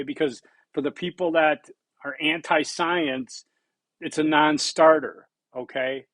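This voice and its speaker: This is a recorded college lecture from a man in his sixties whose voice sits a little high. He's blunt and conversational, restating points for emphasis, and the audio has a dry quality.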